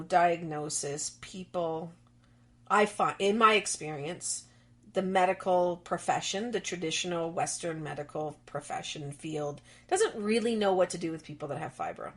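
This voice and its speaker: A middle-aged woman, a guest on an interview, who tells lively stories and acts out the dialogue she quotes. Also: on the low side, measured pace. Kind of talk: conversational interview.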